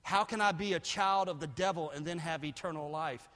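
A male pastor preaching a sermon, swinging from quiet asides to shouted peaks. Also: fairly quick. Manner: builds from low asides to shouted climaxes. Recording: long hall reverb.

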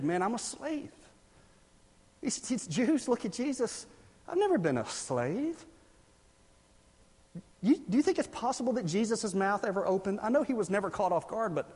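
Guy preaching, pretty high voice, gets loud and punchy, big echoey hall. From South Carolina, US. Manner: animated, rising to loud emphatic bursts. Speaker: pastor. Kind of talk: sermon. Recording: reverberant hall.

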